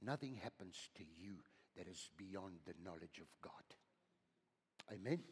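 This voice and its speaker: An older man preaching a sermon as pastor, swinging from loud, high exhortation to hushed whispers and repeating his words. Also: lively intonation, measured pace, husky. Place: church hall. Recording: long hall reverb.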